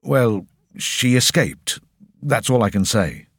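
A man playing a gruff, evasive officer. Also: medium pitch, expressive, slow, dry recording, clean studio sound, pitched above the performer's own voice, full character voice. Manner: deferential but evasive. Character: gruff older male warrant officer, nervous and evasive.

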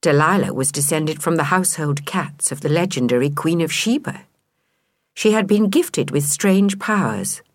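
A woman narrating a children's storybook in an expressive, measured way. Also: sits low, dry recording, clean studio sound. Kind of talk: storybook reading.

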